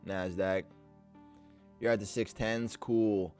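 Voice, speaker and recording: A man streaming his day trades live, pleading and arguing with the market as if it could hear him. His voice jumps up in frustrated outbursts and then drops to low grumbles while he answers chat. Faint music plays underneath. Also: animated, moderate pace.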